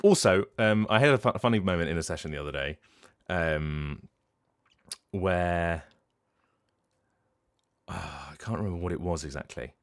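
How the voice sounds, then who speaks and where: British man, voice actor, low register, loose rambling stream chat. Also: moderate pace, pauses often. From Britain. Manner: rambling and chatty, with many fillers and restarts. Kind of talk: casual chat to a live stream. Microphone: streaming mic.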